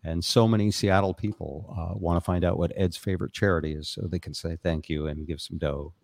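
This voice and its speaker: A man's voice: low-pitched, steady tone, a little fast, gravelly, a little mellow, no room sound. An older man hosting a casual live-stream chat show, talking in a rambling, jokey, self-deprecating way. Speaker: show host.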